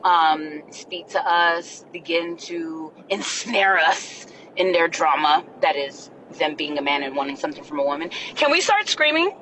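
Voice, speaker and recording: A woman tells a story to camera, lively and animated, and at times she breaks into screams. Her voice is bright and ranges widely. There is faint noise behind her. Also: deep voice, measured pace, rough recording.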